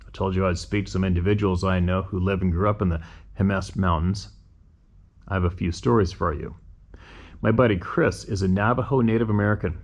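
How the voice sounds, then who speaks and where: A man with a deep, low voice hosts a show and reads listener emails aloud. He stops now and then to muse in a relaxed, conversational way. His asides are full of rhetorical questions. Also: fairly quick. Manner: conversational, musing rhetorical questions between readings. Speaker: host reading listener emails. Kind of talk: reading listener emails aloud with casual commentary.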